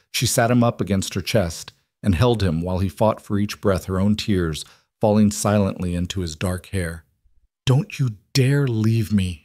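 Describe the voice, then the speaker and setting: A man narrating a scripted frontier story in a steady, measured way. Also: lowish voice, no echo, clean studio sound.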